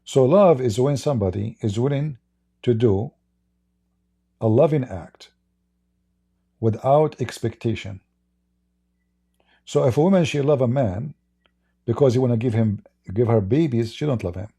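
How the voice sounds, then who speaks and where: A man's voice: mid-range voice, unhurried, long pauses, dark tone, slightly rough. A man with an Arabic accent hosting live-stream debate commentary, emphatic and full of rhetorical questions to his audience. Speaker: Christian apologist host.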